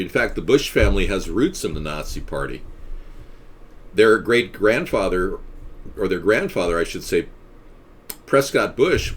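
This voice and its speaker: Husky man, lively swings in pitch, rambling conspiracy talk, live stream host. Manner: rambling, conspiratorial, jokey, puts on voices. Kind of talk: casual live stream monologue.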